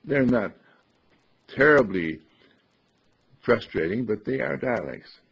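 A man giving an earnest, deliberate lesson on speaking clearly. He often clears his throat and restarts his phrases. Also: fairly low pitch, lively intonation, a bit bright. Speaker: speech teacher. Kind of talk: instructive talk on clear speech. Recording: dull lo-fi recording.

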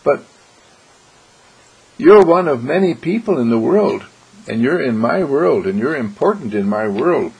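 A man's voice: medium pitch, lively intonation, normal speed, gravelly, a little mellow, slightly rough, low-quality recording. A man hosting an inspirational program, speaking in an earnest, preacherly way and acting out everyday exchanges to make his points. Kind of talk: inspirational radio talk.

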